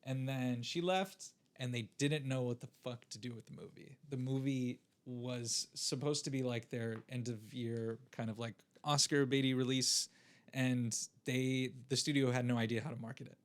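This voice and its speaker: A young man co-hosts a podcast, chatting casually and rambling with plenty of fillers and restarts. He speaks at a medium pitch and normal speed with fairly even intonation.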